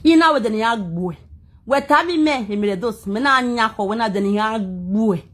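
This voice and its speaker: Husky, heated Nigerian woman ranting. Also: on the high side, expressive, normal speed. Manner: heated, defensive, rambling. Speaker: vlogger. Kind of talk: emotional personal rant to viewers.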